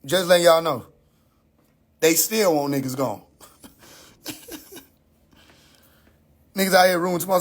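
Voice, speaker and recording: Unhurried and slightly high, pausing often, he rants on his livestream in a scoffing, incredulous tone full of swearing. Questions get repeated for comic emphasis.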